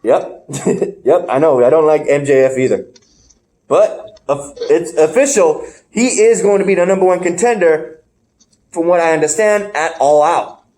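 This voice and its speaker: A man's voice: fairly high pitch, measured pace, warm tone. A man hosting a casual wrestling review podcast over an online call, blunt and joking, laughing often. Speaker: podcast host.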